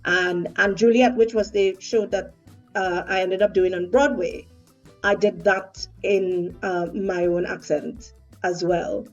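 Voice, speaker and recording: A woman in her forties with a Trinidadian accent, a stage actor chatting casually, often laughing and pausing mid-thought. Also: lowish voice, steady tone, dull audio, faint music behind. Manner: warm, laughs often, halting. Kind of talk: casual conversation.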